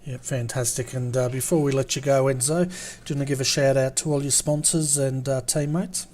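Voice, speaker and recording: Aussie co-host asking drivers stuff, easygoing, bit of faint noise behind. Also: male voice, medium pitch, a little fast. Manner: relaxed, friendly, says fantastic and mate. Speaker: broadcast co-host. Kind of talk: sim racing broadcast interview.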